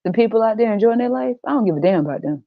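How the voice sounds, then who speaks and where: A woman's voice: fairly high pitch, lively intonation, racing, no room sound, muffled recording, pitched above the performer's own voice. A woman voicing a brash, mocking male God who talks in blunt slang, in a comedic podcast skit. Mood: preachy mocking. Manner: swaggering slangy trash talk, teasing and blunt.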